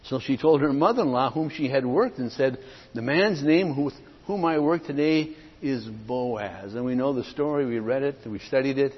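A man's voice: medium pitch, slightly rough. A man preaching a sermon to his congregation, earnest and plain-spoken, often asking his listeners questions and calling them friends. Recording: dull echoing hall.

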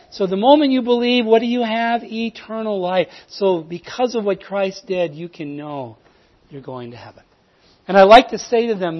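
A man teaching how he shares the gospel, telling stories in an earnest voice that swings from emphatic to hushed. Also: sits high, lively intonation, normal speed. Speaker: evangelism teacher. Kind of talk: teaching evangelism technique. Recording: dull lo-fi recording.

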